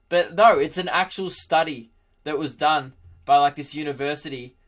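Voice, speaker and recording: A young man in his twenties hosting a podcast, telling crude jokes in an animated, casual monologue with frequent laughter. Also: on the high side, normal speed. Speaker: podcast host, comedian.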